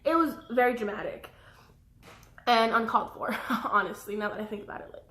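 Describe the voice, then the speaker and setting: A woman's voice: on the high side, brisk, sharp tone. Rambling young woman in an echoey room. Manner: rambling, jumps between thoughts, apologetic asides. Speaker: vlogger. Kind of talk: personal storytelling vlog.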